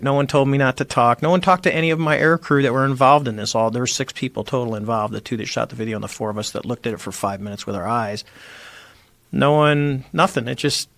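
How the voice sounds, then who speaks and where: Middle-aged male guest, gravelly timbre, lively anecdotal delivery with acted-out quotes, dry close mic. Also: mid-range voice, dry recording. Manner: animated storyteller, acts out quoted dialogue. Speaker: guest, former Navy squadron commander. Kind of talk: casual storytelling conversation.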